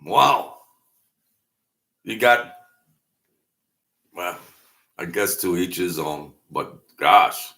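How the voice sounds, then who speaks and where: A man's voice: low-pitched, expressive, drawn-out words, creaky, long pauses, pushed and bright. A man hosting his own channel, talking in a loose, rambling way with jokes and self-deprecating asides. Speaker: YouTube channel host. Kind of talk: casual vlog monologue.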